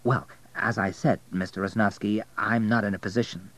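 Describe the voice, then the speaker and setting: A man reading the part of a discreet bank manager, speaking in a formal, measured way. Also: on the low side, steady tone, a bit bright, poor audio.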